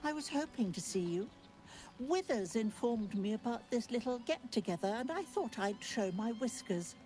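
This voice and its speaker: A woman's voice: fairly high pitch, animated, moderate pace, a little mellow, soft background music, lightly acted. A woman voicing a prim, affectionate female talking cat in a video game, with a genteel manner and fond endearments.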